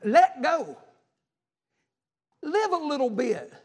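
In an echoing hall, a man delivers a fiery sermon with Southern preacher rhythm, hammering lines through repetition and performing quoted voices. His pitch is extremely high and swings widely, his delivery slow, his tone slightly mellow.

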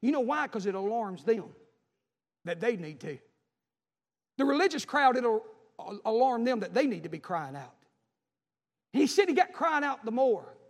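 A male preacher with a strikingly high voice delivers a fervent sermon. He swings between shouted peaks and quiet, pleading passages. The sanctuary's long reverb carries every word. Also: very animated, normal speed, pauses often. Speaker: pastor. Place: church sanctuary.

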